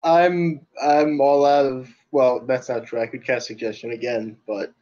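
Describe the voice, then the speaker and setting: A man's voice: mid-range voice, level tone, measured pace, a little mellow, lo-fi sound. A man playing a tabletop game online, chatting casually, thinking aloud over the rules and laughing often. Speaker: player. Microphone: voice chat over internet.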